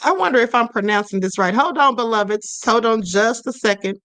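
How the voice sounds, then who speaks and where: A woman's voice: on the high side, brisk, a bit bright, no echo. A woman hosting a spirituality live stream, explaining at a conversational pace, reading viewer comments aloud and often checking in with "okay".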